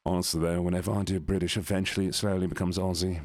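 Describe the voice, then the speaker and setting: A man's voice: low voice, little pitch movement, very fast, few pauses, darkish tone, dry recording. A man streaming games and chatting casually with his viewers in a laid-back, teasing way. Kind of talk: casual chat with viewers while gaming.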